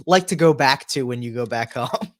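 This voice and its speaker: A man's voice: mid-range voice, moderate pace. A man from the East Coast co-hosting a podcast, chatting in a loose, rambling way and swearing casually. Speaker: podcast co-host.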